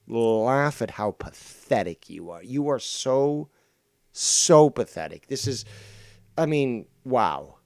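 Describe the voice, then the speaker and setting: A man hosts a stream and tears into a rival's clip with sneering, profane put-downs. His voice is smooth and clear, recorded close and dry with no room sound. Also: medium pitch, expressive, slow pace, no room sound. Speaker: stream host reviewing clips. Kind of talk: mocking commentary over a clip.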